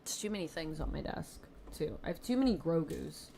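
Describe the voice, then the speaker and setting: Canadian girl streaming from her desk, bit of a southern twang, rambly and chatty, kinda low voice. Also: lively intonation, fairly quick, vocal fry, mellow, slight background noise. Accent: slight Southern US twang. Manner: chatty, rambling, self-deprecating. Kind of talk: casual live-stream chat. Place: home apartment desk. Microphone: desk mic.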